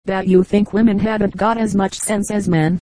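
Insistent daughter-in-law clerk, pressing her point, mellow even voice, read by a woman. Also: mid-range voice, normal speed, no echo, lightly acted. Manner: insistent, arguing.

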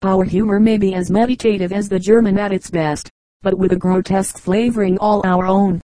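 Female audiobook reader; measured and even, mellow voice. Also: medium pitch, dry recording, poor audio. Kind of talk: scripted narration.

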